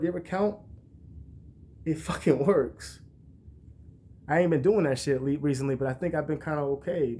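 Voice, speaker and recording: A young man vlogging, talking in a casual, profane, rambling way and telling stories with animated bursts. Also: mid-range voice, breathy edge. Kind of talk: casual monologue to camera.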